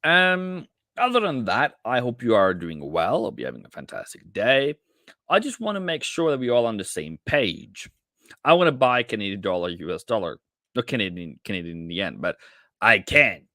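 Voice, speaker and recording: A man talks through a live trading stream in a casual, chatty way, greeting his viewers and calling them mate and brother. His voice sits low, but his pitch swings widely as he talks. The recording is dry and close, with no room sound. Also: very animated, normal speed, a bit bright, no room sound. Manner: chatty, addresses viewers directly, many restarts.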